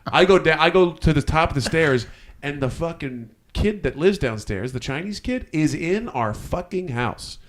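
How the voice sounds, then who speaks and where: A man's voice: on the high side, normal speed. A man co-hosting a podcast, telling a story in casual chat, swearing freely and acting out what others said. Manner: profane, animated storytelling with acted quotes. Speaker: podcast co-host.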